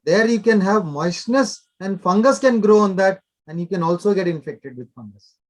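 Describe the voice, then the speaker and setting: A man's voice: sits high, expressive, normal speed. An older man, a doctor explaining in an interview with short, instructive directives.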